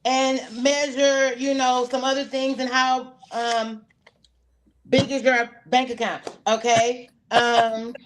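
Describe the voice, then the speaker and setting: High-voiced teasing woman comedian. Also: level tone, takes it slowly, slight background noise. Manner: teasing, giggly, bawdy jokes. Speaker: comedian panelist. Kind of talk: playful comedy banter. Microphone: video call.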